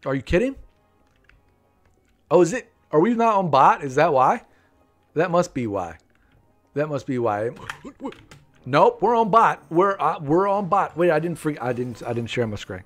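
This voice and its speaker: Soft music plays in the background as a man in his thirties hosts a live game stream from home through a desk mic. His fairly high voice is very animated yet unhurried, with long pauses, and he's playful and chatty, laughing and repeating himself.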